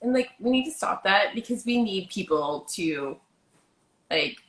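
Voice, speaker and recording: A woman's voice: medium pitch, lively intonation, a little slow, fairly bright tone. A woman hosting a casual chat, talking in a chatty, upbeat way and filling her sentences with "like.". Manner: chatty, many "like" fillers, upbeat. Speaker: host. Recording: roomy echo.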